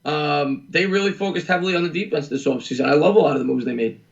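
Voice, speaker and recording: A man's voice: on the high side, fast, vocal fry, lo-fi sound. A man co-hosting a live sports stream, chatting eagerly about football and thanking viewers.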